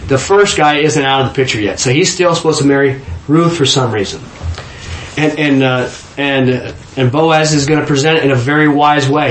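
A man's voice: fairly high pitch, fairly bright tone, roomy sound, a little hiss or hum. Man teaching a small Bible study group. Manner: questioning, repeats words, asks the group.

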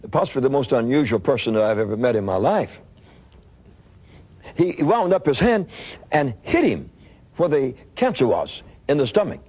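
A husky male preacher tells a sermon story with a lively, swinging pitch. His voice jumps up when he acts out what people said. He talks in the steady rhythm of a sermon. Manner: animated storytelling, voice climbing high for quoted lines.

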